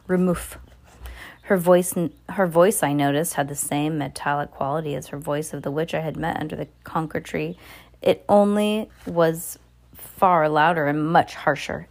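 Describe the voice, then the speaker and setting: A woman reading a children's novel aloud in a casual, unpolished way, often stumbling and restarting words, with an occasional aside to someone listening. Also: deep voice. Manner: asides to a listener beside her. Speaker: reader.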